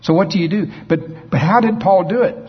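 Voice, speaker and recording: A man preaching a sermon in a folksy, animated way, acting out scripture scenes in different voices. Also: sits high, brisk, husky. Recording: dull lo-fi recording.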